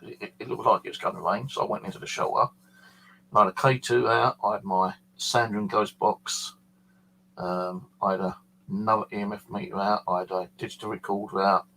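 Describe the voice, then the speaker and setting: A man's voice: lowish voice, steady tone, brisk, pushed and bright, a little hiss or hum, poor audio. A man with a British accent telling a paranormal story in a casual, rambling way, full of fillers. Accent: British English. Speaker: paranormal channel host.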